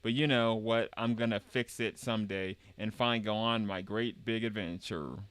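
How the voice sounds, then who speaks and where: A man reading the lines of an eager young girl adventurer in a put-on Southern accent, slow and drawn out. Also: fairly low pitch, fairly bright tone, clean tone, dry recording, natural voice.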